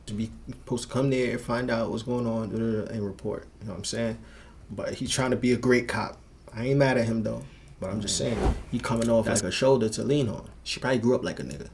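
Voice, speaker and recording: A man hosting a reaction video, talking in profane street slang with animated outbursts. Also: lowish voice, vocal fry, slight background noise. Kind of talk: casual commentary over a clip.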